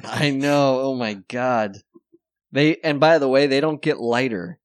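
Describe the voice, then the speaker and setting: A man hosts a podcast, rambling through jokey, casual banter and laughing often. His voice is medium-pitched with a clean tone, and the recording is dry.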